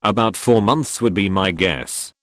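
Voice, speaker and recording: A man voicing a deadpan male doctor in a spoken joke. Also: on the low side, measured pace, no room sound, studio quality.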